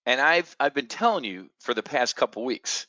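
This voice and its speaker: A middle-aged man hosting an options trading show, ranting in a blunt, profane, sarcastic way that swings from low muttering to loud outbursts. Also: very animated, moderate pace, dry recording. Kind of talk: ranting monologue.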